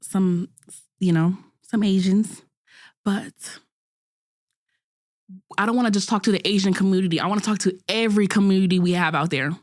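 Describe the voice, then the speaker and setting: A woman's voice: medium pitch, normal speed, long pauses, darkish tone, dry recording, clean studio sound. A young woman in her twenties hosting a podcast, talking through a candid, self-critical monologue in casual slang with frequent restarts. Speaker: podcast host.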